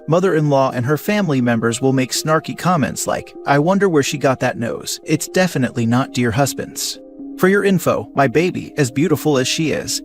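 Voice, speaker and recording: A man narrating a first-person story in an even, conversational reading style. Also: medium pitch. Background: faint music.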